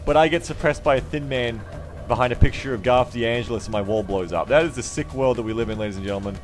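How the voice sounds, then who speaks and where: A man streaming a strategy game, commentating sarcastically and jumping to excited yelps. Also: medium pitch, fast. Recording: game stream with music behind.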